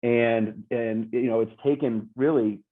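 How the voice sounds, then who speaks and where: A man's voice: medium pitch, steady tone, unhurried. A man who co-owns a business, answering interview questions in an upbeat, emphatic way. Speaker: coworking space co-owner. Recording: tinny phone-like line.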